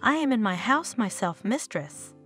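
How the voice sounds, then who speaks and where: A woman's voice: fairly high pitch, lively intonation, moderate pace, fairly bright tone, breathy edge, faint music behind. A woman voicing a spiteful, scheming older mother-in-law who mocks as she speaks. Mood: venomous. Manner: venomous, mocking.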